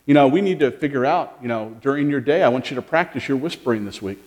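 Friendly male pastor, children's sermon, lively and questioning, in a church. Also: mid-range voice, quick pace, in a large hall. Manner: animated, questioning, talks to children. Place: church sanctuary.

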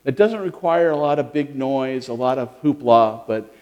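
Animated man giving a children's sermon. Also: medium pitch, normal speed, big-room sound. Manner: animated, questioning, talks to children. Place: church sanctuary.

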